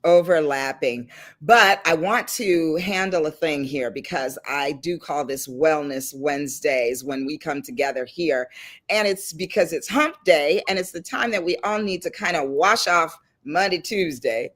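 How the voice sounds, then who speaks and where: A middle-aged woman hosting a casual chat and telling stories with animated delivery. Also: deep voice, measured pace. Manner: lively storyteller, animated and laughing. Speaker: host. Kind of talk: casual chat on a video call panel.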